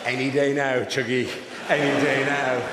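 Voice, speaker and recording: A man's voice: medium pitch, flat delivery, moderate pace, close to an everyday voice. A man doing a soothing, coaxing tunnel worker. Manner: gentle, coaxing, reassuring. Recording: echoey theatre hall with background noise.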